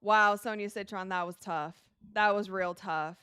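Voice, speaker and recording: Unhurried, smooth-voiced excitable woman streamer. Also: mid-range voice, no echo, clean studio sound. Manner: excitable, cries out and laughs at plays; thanks viewers for donations and answers their questions. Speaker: livestream host reacting to a basketball game. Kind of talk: casual live watch-along commentary.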